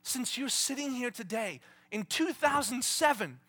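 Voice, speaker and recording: A man preaching a sermon dramatically, swinging from hushed whispers to shouted exclamations and acting out the people in his stories. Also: very high voice, expressive, a little slow. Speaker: pastor.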